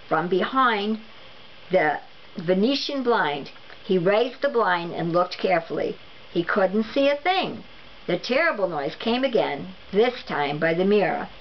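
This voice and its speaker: A woman reading a children's storybook aloud with even, expressive narration. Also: medium pitch. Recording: dull lo-fi recording with faint noise.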